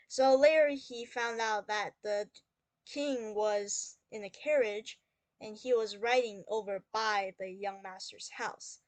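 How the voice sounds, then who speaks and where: Female storyteller-teacher, unhurried, close and dry, patient read-aloud. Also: fairly high pitch, no room sound. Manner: slow, clear, explains then reads aloud. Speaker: English teacher reading a story.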